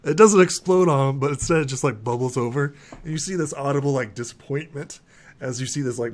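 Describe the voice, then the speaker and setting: A man's voice: medium pitch, fast. Rambling male game master. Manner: rambling, many fillers and "like". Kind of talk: narrating a tabletop game.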